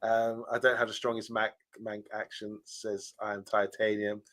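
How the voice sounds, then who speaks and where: A man with a lowish voice co-hosts a live stream. He chats loosely, reads out viewer comments, and laughs easily as he talks. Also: little pitch movement, normal speed, fairly bright tone. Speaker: podcast co-host. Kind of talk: casual live-stream chat.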